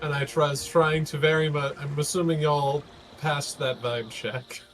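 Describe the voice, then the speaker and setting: A man voicing a morally flexible male ship officer with a put-on Russian accent who speaks in smooth, evasive terms. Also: on the high side, steady tone, moderate pace, fairly bright tone, soft background music, natural voice, poor audio. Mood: sly.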